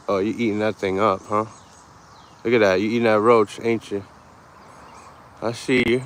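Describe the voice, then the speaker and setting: A man's voice: on the low side, normal speed, a little hiss or hum. A man hosting a casual walk-and-talk live stream on an outdoor park path, chatting laid-back with viewers through a handheld phone.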